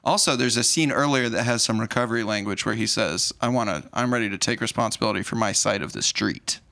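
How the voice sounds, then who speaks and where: A man's voice: fairly low pitch, fast talker, creaky. A man hosting a podcast, casually retelling a film scene by scene and acting out the characters' lines. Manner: animated retelling, acts out lines. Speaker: podcast host. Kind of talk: casual movie recap.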